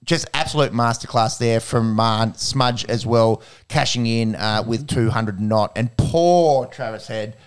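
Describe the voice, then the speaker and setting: A man's voice: mid-range voice, measured pace, few pauses, clear, resonant tone. A man with an Australian accent hosting a casual chat, joking and laid-back in his banter. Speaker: podcast host.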